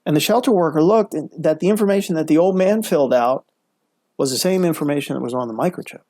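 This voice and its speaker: A man's voice: a little high, fast talker, warm tone, no echo. A man who is a guest speaker on a podcast, telling a story in an emphatic, earnest way. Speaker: guest, mental health speaker.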